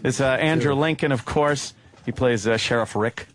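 A man's voice: medium pitch, moderate pace, a little hiss or hum. A man hosting a radio talk show, joking brashly and swearing freely. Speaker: radio host.

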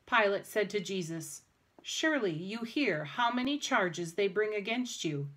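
A woman reads scripture aloud, even and measured. Her voice sits in an ordinary middle range. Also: medium pitch. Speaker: scripture reader. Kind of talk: prerecorded scripture reading.

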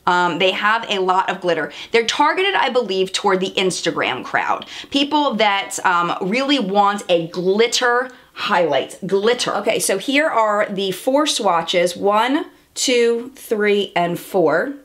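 A woman's voice: medium pitch, animated, slow pace, fairly bright tone. Chatty woman reviewing makeup. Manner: chatty, candid, emphatic with repeated words. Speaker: beauty vlogger. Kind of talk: product review vlog.

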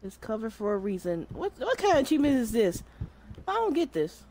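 Young female streamer, scared chatter, lively and a bit high, noisy background. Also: brisk. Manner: jumpy, chatty, talks to the game and viewers. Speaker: gamer streamer. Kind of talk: let's-play commentary.

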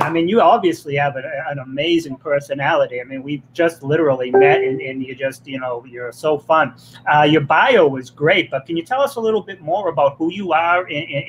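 Man, somewhat high voice, interview host, halting with fillers, faint hiss behind. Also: rough recording. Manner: halting, many fillers and repeated words. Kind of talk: casual interview talk.

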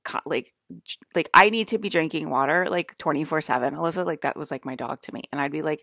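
A woman's voice: low voice, fairly quick, pushed and bright, no room sound, clean studio sound. A woman talking to her viewers in a long rambling monologue, packing her speech with "like" and laughing often, seated at a table indoors. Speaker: vlogger.

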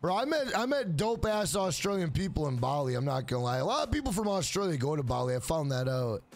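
A man's voice: on the high side, very animated, fast. A man live-streaming a video game, chatting casually with viewers in a rambling, profane way.

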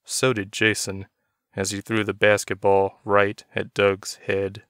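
Low, smooth male story narrator. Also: monotone, takes it slowly, fairly bright tone, no echo, studio quality. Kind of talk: scripted narration of a novel.

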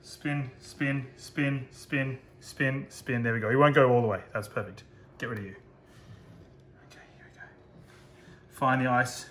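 A man's voice: medium pitch, steady tone, moderate pace, fairly bright tone. A man, a chef giving a chatty, self-deprecating live cooking demonstration from a kitchen. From Australia. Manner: chatty, self-deprecating, laughs at own slips. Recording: roomy echo, faint noise.

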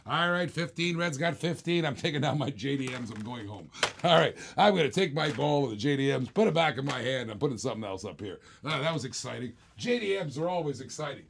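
A man's voice: medium pitch, lively intonation, fast, creaky, slight background noise. An older man hosting a live-stream toy car auction, chatty and enthusiastic, repeating himself as he shows each car. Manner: enthusiastic, chatty, repeats lines while showing cars.

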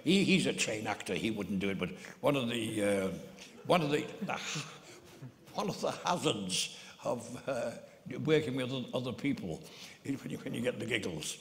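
A man's voice: medium pitch, animated, moderate pace. An older man, a comedian, telling rambling comic stories on stage with many stammered restarts. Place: theatre stage. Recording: long hall reverb.

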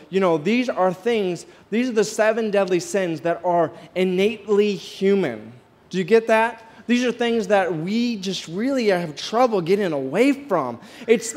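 High-voiced pastor preaching conversationally. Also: male voice, darkish tone. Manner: conversational, asks the congregation questions, many restarts. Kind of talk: sermon. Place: church sanctuary, walking the aisle.

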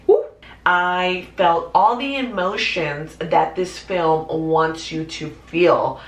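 A woman chats through her movie picks in a slightly low voice, animated and full of fillers. She sits a little back from the mic in an echoey room. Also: recorded from a distance. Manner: chatty, animated, frequent "like" and "you guys". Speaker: movie review vlogger. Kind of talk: casual spoken movie review.

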